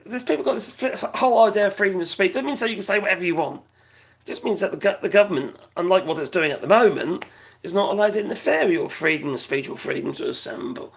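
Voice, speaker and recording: A British man hosting a live stream, chatting casually in a rambling way, reading out viewers' comments, his voice going hoarse. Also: sits high, fast talker. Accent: British English. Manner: rambling, chatty, laughs often, reads out viewers' chat.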